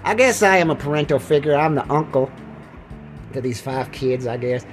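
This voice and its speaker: A man's voice: fairly high pitch, lively intonation, moderate pace, faint music behind, poor audio. Rambling, joking man podcasting. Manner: rambling, repeats words, jokey. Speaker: podcast host. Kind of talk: casual rambling monologue. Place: lying down indoors.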